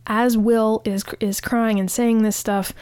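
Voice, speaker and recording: A woman hosting a podcast, giving a casual, animated recap of a TV episode with frequent restarts. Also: on the high side, a little slow, clear, resonant tone, no room sound. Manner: chatty, animated retelling with restarts. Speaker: podcast host.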